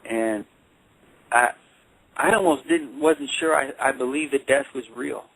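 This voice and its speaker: A man working as a life coach and counselor, telling a personal story in a phone interview with halting speech and frequent repeated words. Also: mid-range voice, creaky, a bit bright, no echo, poor audio.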